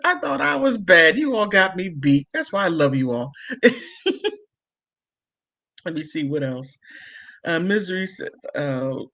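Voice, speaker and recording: Giggly man reading chat, slow. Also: on the high side, expressive, pushed and bright, muffled recording. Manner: giggly, laughs often between remarks; loose and rambling, full of fillers. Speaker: livestream host. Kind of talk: casual livestream chat reading viewer comments.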